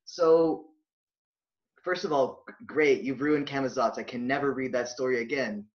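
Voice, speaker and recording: A man's voice: mid-range voice, normal speed. A man co-hosting a casual movie review chat, ranting animatedly with swearing and bursts of laughter. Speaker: podcast co-host. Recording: dull lo-fi audio.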